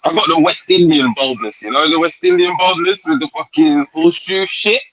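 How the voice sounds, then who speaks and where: A man's voice: a little high, a little fast, a bit bright, no room sound, highs cut off. A man on a casual panel chat, laid-back and swearing freely, joining over a call. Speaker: panel guest.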